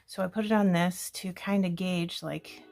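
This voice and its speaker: Gravelly low-voiced woman crafting. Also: fairly even intonation, moderate pace, over music. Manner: chatty, thinking aloud while working. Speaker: scrapbooking video host. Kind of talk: casual crafting talk-through.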